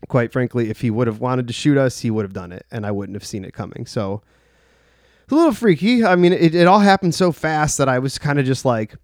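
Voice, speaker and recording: A man's voice: mid-range voice, fast talker, hardly any pauses, dry recording, clean studio sound. A young man telling a personal story in a casual, rambling way, full of filler words and swearing. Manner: rambling, heavy use of "like", profane.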